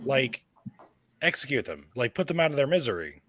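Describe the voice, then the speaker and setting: A man's voice: medium pitch, sing-song, brisk, a bit bright. A man arguing his point emphatically in a casual group chat. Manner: argumentative, emphatic.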